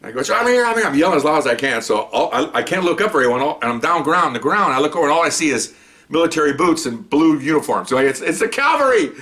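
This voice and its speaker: A man who was once a police officer, telling a long story in a rambling, animated way and often checking in with "okay?". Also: fairly high pitch, fast. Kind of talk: casual spoken storytelling.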